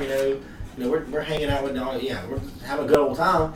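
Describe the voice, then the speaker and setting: A man's voice: medium pitch, fast. A man telling a story in casual podcast chat, acting out each person's lines as he goes. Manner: animated storyteller acting out dialogue. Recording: roomy, distant mic with crowd noise.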